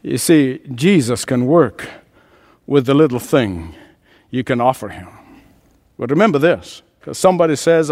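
A man preaching a sermon, swinging between soft, low asides and rising, emphatic climaxes, with chuckles between lines. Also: expressive, measured pace, long pauses. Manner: preaching with dramatic swings of pitch and loudness, builds to emphatic climaxes. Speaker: pastor.

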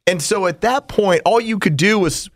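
Radio guy teasing his cohost, tells stories, voice on the higher side. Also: normal speed. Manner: teasing, storytelling. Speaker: radio host. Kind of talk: casual chat.

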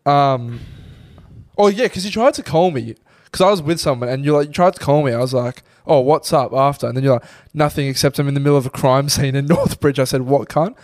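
A young Australian man co-hosting a casual podcast, laid-back and quick to laugh, swearing freely. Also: mid-range voice, a little mellow. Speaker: podcast co-host. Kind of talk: casual chat.

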